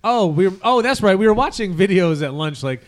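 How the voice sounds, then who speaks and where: A man co-hosting a casual podcast, excitable, laughing often and swearing as he tells a story. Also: high-pitched, a little fast, crowd noise. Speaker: podcast co-host.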